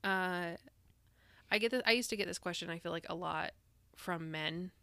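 A woman's voice: lowish voice, moderate pace, sharp tone, no room sound. A young woman co-hosting a podcast, chatting casually and rambling with lots of "like"s and restarts. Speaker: podcast co-host. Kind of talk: casual chat.

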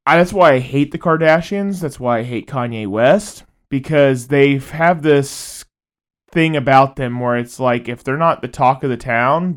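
A man with a somewhat high voice talks casually as a podcast co-host. He rambles, swears freely, and often breaks into laughter. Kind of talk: casual chat.

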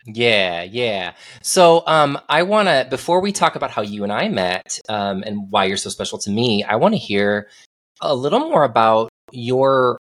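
A man hosting a casual podcast interview, teasing himself and breaking into high, excited exclamations. His voice sits at an everyday middle pitch, recorded close and dry with no room sound. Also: a little slow, no room sound. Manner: playful, self-mocking, bursts into high excited exclamations. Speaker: podcast host.

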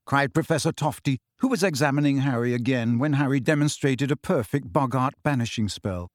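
A man reading audiobook narration in a measured, even storytelling manner, close to the mic. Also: medium pitch, no room sound. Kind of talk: scripted narration.

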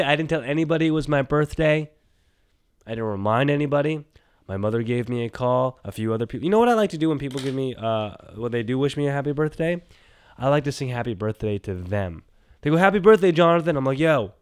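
A man hosting a solo podcast, rambling and animated, talking to himself and swinging from loud bursts to quiet mumbles. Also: mid-range voice, smooth, no echo, clean studio sound. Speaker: podcast host.

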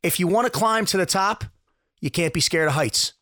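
Halting, heartfelt man co-hosting a podcast. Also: high-pitched, expressive, sharp tone, dry recording, studio quality. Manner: halting, full of "you know", heartfelt. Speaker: podcast co-host. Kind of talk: casual podcast interview.

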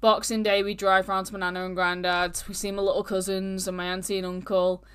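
Sex: woman. Role: podcast co-host. Style: casual, rambling chat. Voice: smooth and clear. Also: mid-range voice, flat delivery, brisk, a bit bright. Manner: chatty and rambling.

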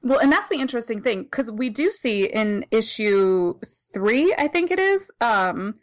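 A woman's voice: a little high, expressive, measured pace. A woman co-hosting a podcast in casual chat, rambling, laughing often and correcting herself as she goes. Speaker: podcast co-host. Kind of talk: casual comic discussion.

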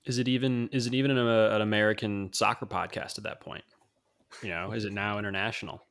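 A man co-hosting a casual podcast on a video call, talking in a halting, playful way with lots of fillers. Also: on the low side, fairly even intonation, a bit bright. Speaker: podcast co-host.

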